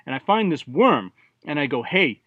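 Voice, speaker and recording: A man reading his own short story aloud in an offhand, deadpan, irreverent way. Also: on the high side, normal speed, no echo, highs cut off. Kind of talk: casual first-person story reading.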